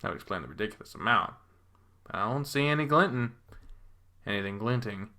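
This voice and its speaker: A man reads a visual novel aloud in the first person, and his delivery is expressive and profane. His tense, bright voice climbs and dips widely, sinking to a hush and then pushing loud. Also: on the low side, a little fast. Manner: expressive, swearing, swings between hushed and loud. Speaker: reader voicing a visual novel. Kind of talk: first-person dramatic game reading.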